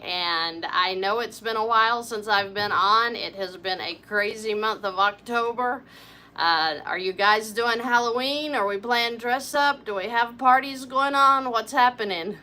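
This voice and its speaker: Woman host, live Q&A, warmly effusive, bright edge, chatty greetings. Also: medium pitch. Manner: upbeat, greeting viewers by name and hometown. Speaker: livestream host reading viewer chat. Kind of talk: casual live Q&A chat.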